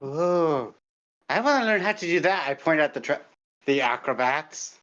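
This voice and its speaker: An eager player in a tabletop game, quick with questions. The voice sits at a middle pitch and comes through a slightly dull, lo-fi mic. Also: animated, a bit bright. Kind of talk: casual tabletop game play.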